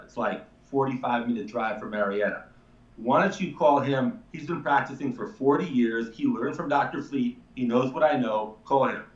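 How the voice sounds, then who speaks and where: A man's voice: medium pitch, roomy sound, far from the mic, highs cut off. A man telling a long story in casual, emphatic talk, a chiropractor guesting on a live show. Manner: animated, emphatic, swears casually.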